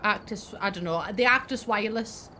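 A woman's voice: medium pitch, moderate pace, bright, forceful tone, a little hiss or hum. A woman chatting casually on a gaming stream through a headset, swearing and laughing with a friend.

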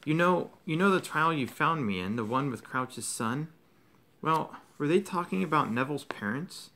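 A man's voice: fairly high pitch, lively intonation, moderate pace, pushed and bright, a little hiss or hum, pitched above the performer's own voice. A man reading as an anxious teenage boy. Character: earnest teenage boy wizard, curious and anxious. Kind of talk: reading a novel aloud.

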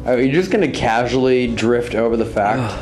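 An excitable man talks his way through a ghost hunt in an old hospital at night, his voice sitting at a middle pitch. He reacts fast, curses casually and cuts across his partner. Music plays under his voice. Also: rough recording. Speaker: paranormal investigator. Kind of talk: casual ghost-hunting vlog.

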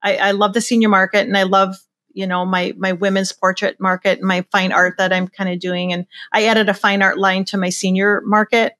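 An older woman speaks with warm enthusiasm about her portrait work. She rambles a little, restarting sentences as her ideas come. The recording is dry and close. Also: medium pitch, flat delivery, a little fast, dry recording. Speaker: senior portrait photographer, guest. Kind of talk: casual interview chat.

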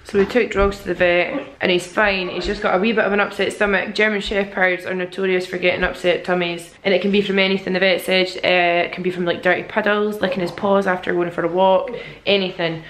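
A woman's voice: on the low side, flat delivery, brisk, few pauses, fairly bright tone, a little hiss or hum. A young Scottish woman, sick and a bit weary, chatting candidly to camera in a casual vlog. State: sick and congested. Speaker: vlogger.

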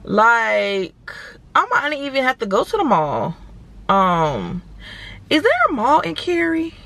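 A woman's voice: a little high, wildly swooping pitch, slow, a bit bright. A woman, vlogging and chatting animatedly to viewers from her car. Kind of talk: casual chat to camera.

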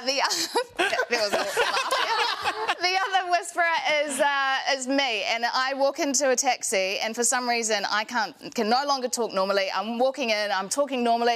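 A woman's voice: on the high side, fairly bright tone. A woman with a New Zealand accent, a morning TV presenter doing a chatty, self-deprecating stand-up bit in a studio.

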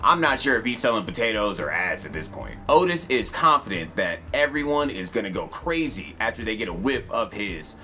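A man's voice: fairly low pitch, sing-song, a little fast, few pauses, bright, forceful tone, a little hiss or hum. A man narrating a cartoon review in a scripted comedic style, sarcastic and crude, with mock-formal asides.

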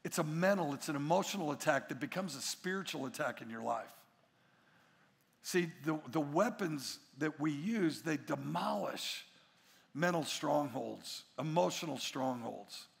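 High-voiced, gravelly pastor in a big hall. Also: male voice, a little slow. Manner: animated storyteller who acts out voices in his anecdotes. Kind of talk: sermon. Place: large church hall.

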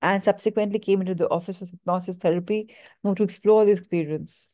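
A woman reading a book aloud in a measured, steady way, with small stumbles. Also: medium pitch.

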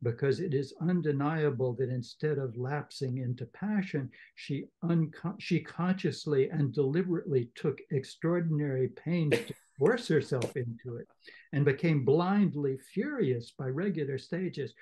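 A man's voice: fairly high pitch, moderate pace, mellow, breathy edge. A man in a book club discussion, reading a novel aloud with enthusiasm and expression.

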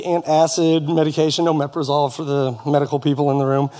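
A middle-aged man stands before his congregation to give an earnest personal testimony. He talks in a folksy way, slips in gentle jokes, and his voice sits a little high for a man. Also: little pitch movement, quick pace, hardly any pauses. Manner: earnest, folksy, with light humor. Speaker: congregation member giving testimony. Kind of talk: personal testimony at church service. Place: church service in front of a congregation.

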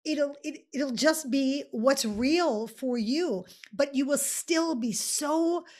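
A woman speaking as an interview guest and coach, talking in an animated, playful way with fast bursts over a video call. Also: sits high. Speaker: guest, swagger coach and author. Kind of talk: casual interview chat.

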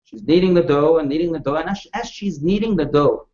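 A male rabbi teaches a class with expressive storytelling, his voice rising and falling in pitch and loudness. He speaks a little higher than most men and often turns questions to his listeners. The sound is dull and lo-fi, and the room echoes. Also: a little fast. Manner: asks the audience questions. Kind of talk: storytelling lecture to a live audience.

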